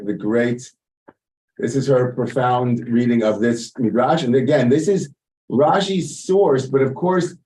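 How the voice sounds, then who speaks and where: A man's voice: mid-range voice, warm tone, far from the mic, low-quality recording. A man leading a Torah study lesson, translating Hebrew lines and explaining them in an informal way with many asides. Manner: explains Hebrew text line by line, translating as he goes. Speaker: teacher leading text study.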